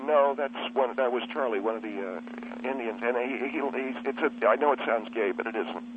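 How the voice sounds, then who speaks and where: A man's voice: medium pitch, a little fast, background noise, voice pushed down, close to an everyday voice. A man voicing a defensive, pompous self-styled spiritual leader on a comic radio show, stammering through his explanations. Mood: touchy, flustered. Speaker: guest. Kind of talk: comic radio call-in character. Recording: tinny phone line with flute music.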